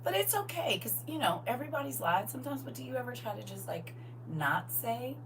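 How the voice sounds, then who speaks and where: A middle-aged livestream host casually tells her viewers a story, laughing as she goes and acting out the quotes with animation. Her voice is fairly high and fairly quick, picked up by a distant mic with a faint hum.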